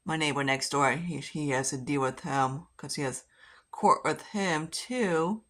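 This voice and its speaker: A woman's voice: low-pitched, unhurried, a bit bright. A woman chatting casually while doing her makeup, rambling and swearing freely. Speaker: beauty vlogger. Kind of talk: casual get-ready-with-me chat.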